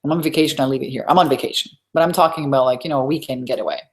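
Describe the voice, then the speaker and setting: A woman's voice: rumbling low, very fast. A woman business coach teaching a live webinar in a chatty, emphatic way, repeating her key points. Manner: chatty, conversational asides.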